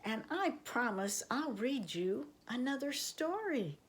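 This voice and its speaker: Older woman reading stories slowly. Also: on the high side. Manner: warm, affectionate, expressive. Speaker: children's story reader. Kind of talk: storybook reading for children.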